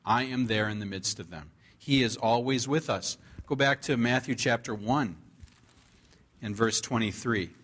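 Earnest male preacher quoting scripture slowly. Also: medium pitch, a bit bright. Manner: earnest preaching, drawn-out repeated scripture quotes; emphatic, stretches key words slowly. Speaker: pastor. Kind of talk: sermon.

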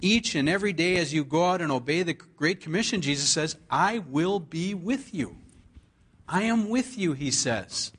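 A man preaching a sermon, earnestly quoting scripture and drawing out the key phrases slowly for emphasis. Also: on the high side, expressive, a bit bright, breathy edge. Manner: earnest preaching, drawn-out repeated scripture quotes. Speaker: pastor.

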